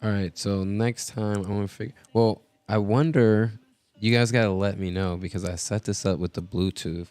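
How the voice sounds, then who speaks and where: A man's voice: lowish voice, fairly even intonation, normal speed, darkish tone, no echo. A man hosting a casual live stream, rambling with many filler words as he talks into a podcast mixer setup. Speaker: host.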